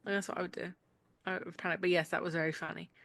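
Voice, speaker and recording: A woman's voice: lowish voice, level tone, racing, a bit bright, no room sound, clean studio sound. A woman co-hosting a podcast in casual chat, giggly and playful, acting out quotes as she tells stories. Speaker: podcast co-host.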